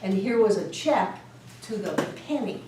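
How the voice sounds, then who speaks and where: A woman's voice: medium pitch, lively intonation, moderate pace. A woman teaching a spiritual class, telling stories with animation, laughing often and acting out voices. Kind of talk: storytelling lecture to a class. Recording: very echoey room, distant mic, faint hiss.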